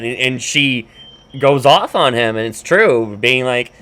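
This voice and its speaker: A man's voice: mid-range voice, animated, takes it slowly, sharp tone. A man hosting a podcast, recapping a cartoon episode in a loose, rambling way, swearing often and filling gaps with "um" and "like". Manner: rambling, profane, full of fillers and restarts. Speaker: podcast host.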